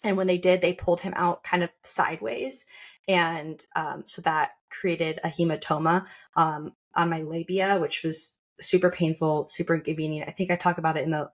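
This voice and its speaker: A young woman podcast host telling her birth story in a casual, chatty way, full of quoted asides. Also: deep voice.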